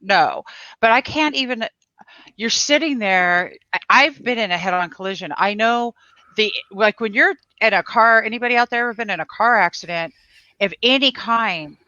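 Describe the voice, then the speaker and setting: Effusive woman host, bright tense voice, dry lo-fi stream sound. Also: fairly high pitch, normal speed, no echo. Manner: effusive, exclamatory. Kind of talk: live-streamed interview.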